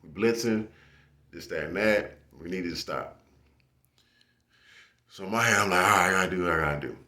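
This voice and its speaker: Young man, low-pitched, casual storyteller, echoey room. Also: brisk. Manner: animated, laughing, with acted-out shouts.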